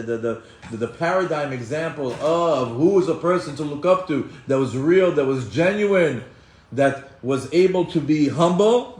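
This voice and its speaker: Animated man giving a Torah class. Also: a little high. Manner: animated, acts out quoted voices, many restarts. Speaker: Torah teacher. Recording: echoey room with faint ambience.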